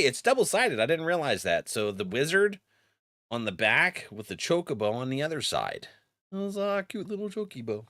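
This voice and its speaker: Game streamer, man in his thirties, stuffy with a cold, bright tone, swoops up and down, laughs a lot. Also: lowish voice, no echo, studio quality. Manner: rambling storyteller, laughs often. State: has a cold. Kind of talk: casual gaming stream chat.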